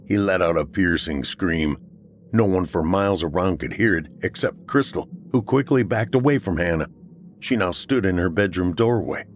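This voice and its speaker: Guy reading a horror story, very deep voice, faint music underneath. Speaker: podcast narrator.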